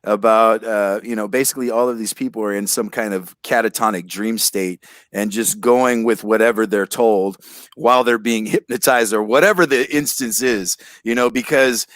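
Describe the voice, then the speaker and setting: A man's voice: fairly low pitch, steady tone, normal speed, fairly bright tone, no room sound. A man co-hosting a political webcast, talking in long, emphatic runs. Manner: emphatic, rambling.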